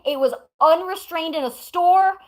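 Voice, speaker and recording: A woman's voice: very high-pitched, unhurried, rough recording. A woman streamer at home telling chat a long story in a casual, rambling way, breaking off to talk to chat and her pets.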